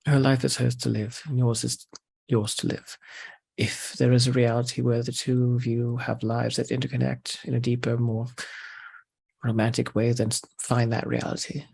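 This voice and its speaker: A man voicing Mildred, an earnest woman hunter, pleading with a doctor in his own gravelly voice. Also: medium pitch, flat delivery, normal speed, a little mellow. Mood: firm.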